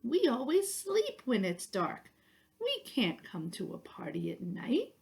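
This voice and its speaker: A woman's voice: on the high side, huge pitch swings, slow, creaky, full character voice. A woman reading a storybook, voicing a sleepy, blunt butterfly who explains things patiently.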